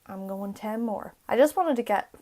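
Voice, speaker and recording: A young woman, teaching everyday words in a casual vlog-style lesson, repeating each one slowly and carefully. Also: medium pitch, mellow. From Ireland. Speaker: language tutor.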